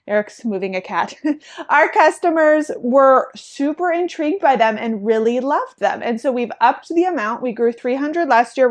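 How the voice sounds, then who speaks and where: Bubbly, chatty woman farmer with a slightly high voice. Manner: chatty and bubbly, with frequent "like" and laughter. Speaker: flower farmer. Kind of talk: casual how-to vlog.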